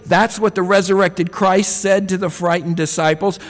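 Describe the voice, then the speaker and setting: A man's voice: sits high, steady tone, normal speed, hardly any pauses, long reverb tail. A man preaching a sermon in a reflective way, often putting rhetorical questions to his listeners.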